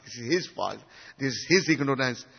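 Husky man giving a devotional lecture. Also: medium pitch, animated, moderate pace. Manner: swings from hushed to emphatic, asks the audience questions. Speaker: spiritual teacher. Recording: dull recording in a reverberant hall.

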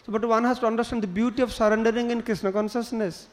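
Male preacher, high pitch, storytelling sermon. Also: steady tone, fast talker. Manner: storytelling with acted quotes, non-native English phrasing. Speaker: spiritual teacher.

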